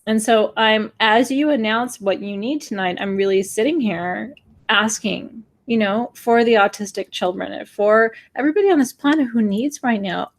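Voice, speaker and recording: A woman's voice: fairly high pitch, moderate pace. A woman in her forties, a spiritual teacher giving an earnest, emotional new moon talk to her audience, pleading with them, sometimes acting out gasps and sighs. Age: 40s.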